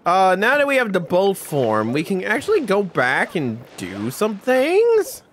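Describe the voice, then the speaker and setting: A man hosting a let's play, giving rambling, self-deprecating commentary with quick mumbled asides. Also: sits high, huge pitch swings, a little hiss or hum. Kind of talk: casual gameplay commentary.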